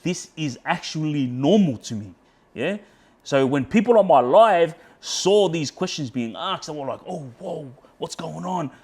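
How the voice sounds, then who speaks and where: A man's voice: fairly high pitch, lively intonation, a little slow. Australian man, casual storytelling, heated, swears a lot, fillers like yeah and bro. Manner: heated, swears a lot, re-enacts shouting in quotes.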